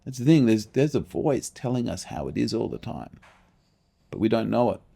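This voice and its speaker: A middle-aged man, a podcast guest telling a personal story candidly, animated and emphatic, swearing freely. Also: on the low side, moderate pace, vocal fry, slightly rough. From Australia.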